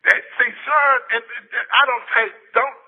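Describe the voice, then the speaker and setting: A man in his fifties from Texas, telling stories in a casual interview, animated and often repeating and restarting his words. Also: very high-pitched, measured pace, vocal fry, breathy edge. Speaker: interview guest, former football player. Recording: tinny phone-like lo-fi audio.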